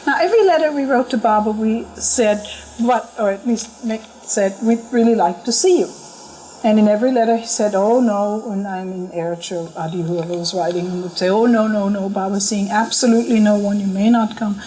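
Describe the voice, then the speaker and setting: A middle-aged woman telling a personal story in a casual, lively way, laughing often and acting out what others said. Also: medium pitch, a little fast, poor audio. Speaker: storyteller recalling a spiritual journey. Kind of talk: casual spoken memoir. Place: talk at a spiritual center.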